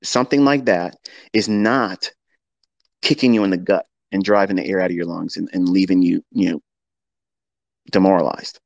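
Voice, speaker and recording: Man, trading educator, earnest lecture, gravelly low voice, dry sound. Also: steady tone, moderate pace, pauses often, darkish tone, dry recording, lo-fi sound. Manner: earnest, lecturing, repeats himself. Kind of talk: talk on a live audio chat.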